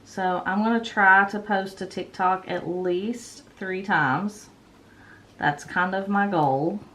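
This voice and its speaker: A woman's voice: medium pitch, takes it slowly, fairly bright tone. A woman in her thirties chatting casually while decorating a planner, rambling with lots of ums and self-corrections, a little tired. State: yawning, a bit tired. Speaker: planner vlogger.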